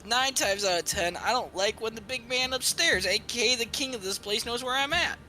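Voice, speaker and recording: A man playing a tabletop game, blunt and animated as he pushes his point. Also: very high-pitched, brisk, a little hiss or hum, poor audio. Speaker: player. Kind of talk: casual tabletop game chat.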